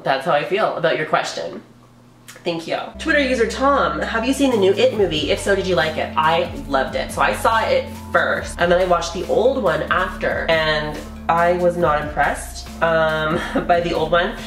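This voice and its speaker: A woman's voice: on the low side, reverberant. A woman vlogger answering viewer questions in a casual, candid way, often swearing and laughing, from her living room. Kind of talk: casual Q&A chat.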